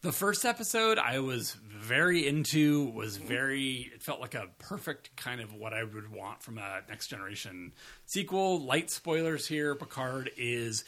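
A man talking on a podcast in a bright, forceful voice. He rambles loosely through his thoughts, swears casually and keeps the tone relaxed and conversational. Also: mid-range voice, a little slow. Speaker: podcast co-host. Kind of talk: casual review chat.

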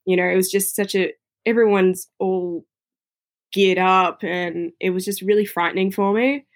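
A woman telling a personal story in a casual, chatty way, often filling pauses with "you know". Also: medium pitch, fairly even intonation.

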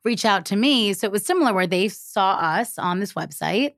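A young woman guest in a casual podcast chat, relaxed and peppering her speech with "like". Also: mid-range voice, normal speed, no echo, studio quality. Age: young adult. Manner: relaxed, uses filler "like".

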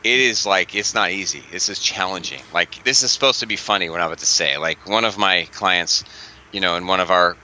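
A man in his forties chats as a podcast guest, coaching parents, with a very bright, forceful tone. He is animated and breaks into playful voices to act out scenes. A faint hum of ambience sits behind him. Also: low voice, brisk, rough recording. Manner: animated, acts out parents and teens in funny voices. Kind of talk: casual podcast chat.

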